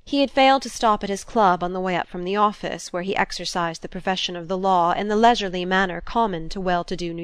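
A woman narrating a classic novel in an even, measured reading. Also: medium pitch, clear, resonant tone, no room sound. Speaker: audiobook narrator.

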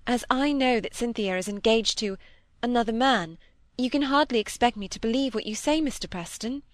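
A woman's voice: on the high side, moderate pace, no echo, voice pushed up, lightly acted. Sensible young woman, earnest and reproving, read by a woman in a dry audiobook voice. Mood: firm. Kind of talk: audiobook character reading.

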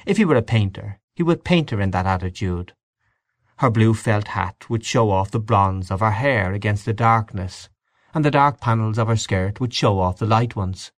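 A man giving a measured, expressive audiobook narration of a story. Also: lowish voice, no echo. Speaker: audiobook reader. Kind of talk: scripted narration.

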